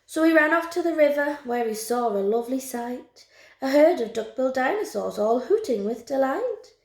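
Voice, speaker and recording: A woman teacher reading a picture book aloud to children, telling the story slowly and expressively. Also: high voice, lively intonation, a little mellow. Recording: roomy echo.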